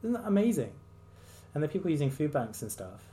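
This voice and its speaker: A man's voice: fairly high pitch, very animated, fast, dark tone, slight background noise. Exasperated man ranting on a podcast. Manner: exasperated, sardonic, mocking quoted voices; loose and rambling, with many fillers and restarts. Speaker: podcast host, doctor. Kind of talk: solo podcast commentary.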